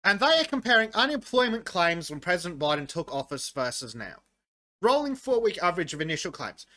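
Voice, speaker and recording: A man with a fairly high and very bright, forceful voice, hosting a podcast chat. He sounds excitable and keeps tripping over restarts as he pushes his point. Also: brisk. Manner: excitable, stumbling restarts, laughs often. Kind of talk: casual chat.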